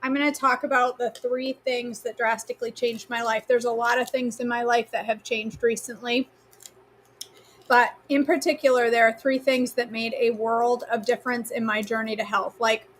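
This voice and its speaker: A woman's voice: a little high, a bit bright, a little hiss or hum. A woman with a Maine accent hosts a live cooking stream from her home kitchen. She chats casually and teasingly, answering viewers by name as she cooks.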